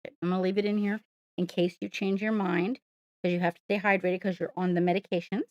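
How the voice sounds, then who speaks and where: A woman's voice: on the low side, little pitch movement, fast, darkish tone, dry recording, dull audio. A woman hosting a live stream, coaxing and praising her pet in playful sing-song talk. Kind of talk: live-streamed casual chat.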